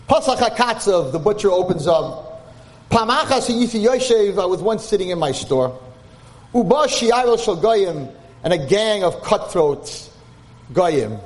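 A man's voice: fairly high pitch, a little mellow, a little hiss or hum. Man retelling a Torah story. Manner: translating Hebrew text line by line, mixing Yiddish and Hebrew terms. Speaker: Torah lecturer.

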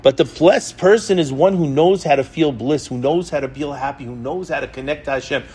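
Emphatic man preaching, higher voice. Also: fairly quick, darkish tone. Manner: emphatic, with repetition and rhetorical questions; storytelling. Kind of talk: sermon.

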